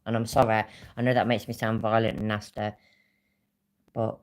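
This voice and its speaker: A woman's voice: very deep voice, flat delivery, normal speed. A woman reacting to a played stream, blunt and often swearing, laughing between remarks. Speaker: commentary streamer.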